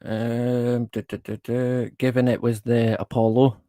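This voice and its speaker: Guy chatting on his stream, relaxed and rambly, lots of chuckles, dry close sound. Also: mid-range voice, unhurried, dry recording. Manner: laid-back, rambling, chuckles often, swears casually. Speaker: livestream host. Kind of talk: casual livestream chat.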